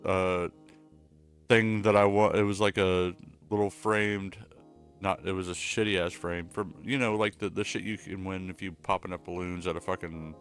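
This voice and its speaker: A man streaming from home, chatting casually in a rambling, crude, joking way. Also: low-pitched. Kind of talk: casual livestream chat.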